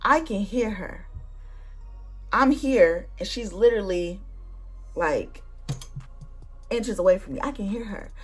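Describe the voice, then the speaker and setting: A woman's voice: mid-range voice, takes it slowly, long pauses, slightly rough, soft background music. Chatty slangy woman telling a story. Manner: animated, slangy, conversational storytelling. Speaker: booktuber vlog host. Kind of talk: casual storytime chat.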